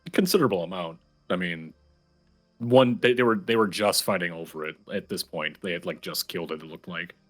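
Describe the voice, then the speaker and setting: A man's voice: low voice, brisk, a bit bright, faint music behind. A man narrating as game master of a tabletop game, chatty and loose with fillers.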